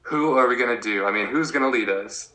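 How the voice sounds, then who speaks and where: A man's voice: mid-range voice, brisk, sharp tone. A young man co-hosting a podcast, chatting casually and acting out characters' lines with lots of filler words. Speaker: podcast co-host. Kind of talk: casual recap chat. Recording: echoey room.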